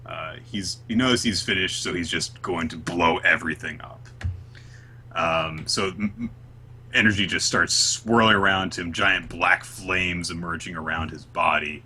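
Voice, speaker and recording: Bright husky-voiced man recapping casually. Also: low voice. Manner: animated, acts out characters' lines in quick put-on voices. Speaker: podcast co-host.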